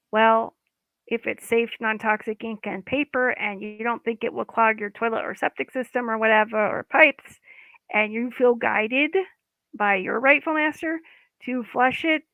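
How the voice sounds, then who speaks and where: A woman's voice: on the high side, no echo. A woman giving a casual, guided self-help talk as an EFT coach, informal and chatty, sometimes losing her words. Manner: chatty, informal, loses words mid-sentence. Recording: dry, phone-like line.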